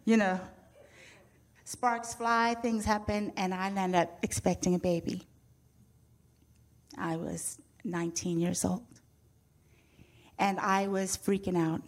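A woman's voice: mid-range voice, takes it slowly, pauses often. A woman in her sixties from Zimbabwe, telling her personal testimony to an audience with frank, self-mocking humor and a storyteller's liveliness. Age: 60s. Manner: animated storyteller who acts out quoted voices. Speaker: speaker sharing her testimony.

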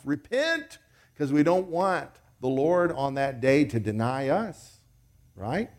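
A man's voice: medium pitch, a little mellow. A man preaching a sermon in a conversational way, acting out quoted voices as he goes.

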